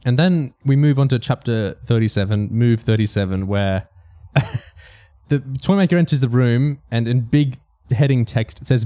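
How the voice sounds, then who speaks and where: Man with a dark, mellow voice. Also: mid-range voice, moderate pace. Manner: reads quoted passages aloud between comments. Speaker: podcast co-host. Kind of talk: reading aloud and discussing a book.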